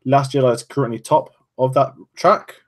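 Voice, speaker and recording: Male podcast co-host, medium pitch, rambling casual delivery. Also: steady tone, normal speed. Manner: loose and chatty, often trails off mid-sentence.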